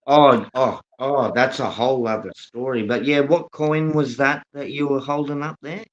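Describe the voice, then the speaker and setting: Australian man, friendly, hesitant, casual chat, dull lo-fi sound, mid pitch. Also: fairly even intonation, normal speed. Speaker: coin channel host, guest on stream.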